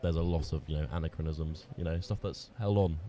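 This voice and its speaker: With a rumbling low voice that stays mellow and steady, a young co-commentator talks briskly through an outdoor rowing regatta. It's loose, casual live commentary, full of fillers and wandering asides, and the crowd is plainly audible on the outdoor mic.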